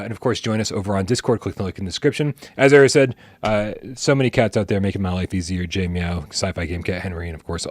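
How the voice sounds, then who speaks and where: A man co-hosting a live gaming stream, thanking viewers in a relaxed, rambling way. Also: deep voice, no room sound. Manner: relaxed, rambling, lots of fillers. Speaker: podcast co-host. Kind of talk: casual live-stream sign-off.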